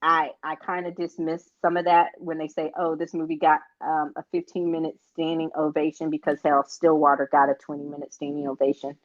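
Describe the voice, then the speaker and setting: A woman's voice: sits low, flat delivery, a little fast, hardly any pauses. A woman co-hosting a podcast in casual chat, talking frankly and at length, swearing freely. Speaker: podcast co-host. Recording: dull lo-fi recording.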